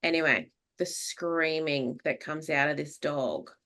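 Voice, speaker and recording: A woman with an Australian accent hosting a podcast, telling a lively anecdote in casual chat, acting out what people said and laughing often. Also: sits low, unhurried. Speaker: podcast host. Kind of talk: casual chat, animated storytelling.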